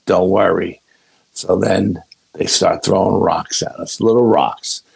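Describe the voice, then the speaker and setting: Male podcast guest, low gravelly storyteller who keeps saying "you know". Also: steady tone, slow pace, darkish tone. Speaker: guest investigator. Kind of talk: casual storytelling interview.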